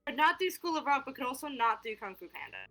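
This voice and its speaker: Woman, higher and bright, animated, blunt and sweary. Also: fast talker. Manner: blunt, profane asides. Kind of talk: casual group chat on a live stream.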